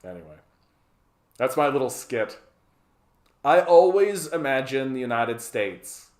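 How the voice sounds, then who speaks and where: A man's voice: mid-range voice, lively intonation, unhurried, darkish tone, reverberant. A man from Canada, giving profane, rambling, sarcastic live-stream commentary as a political streamer.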